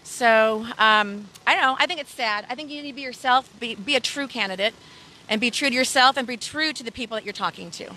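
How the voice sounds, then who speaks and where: A woman's voice: fairly high pitch, a little fast, pushed and bright, low-quality recording. A woman campaign volunteer answering interview questions outdoors, chatty and repeating herself.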